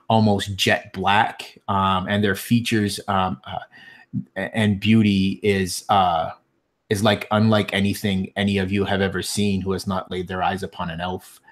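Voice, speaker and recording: A man narrating a tabletop fantasy game as game master, halting often with ums and restarts. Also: low-pitched, a bit bright.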